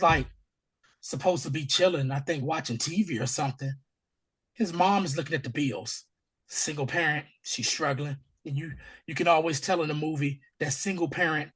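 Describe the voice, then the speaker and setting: A hoarse, husky-voiced man talks through a TV episode with a co-host. He is casual and animated and jumps into quick voices for the characters. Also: fairly high pitch. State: hoarse from allergies. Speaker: podcast host. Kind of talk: casual TV episode recap chat.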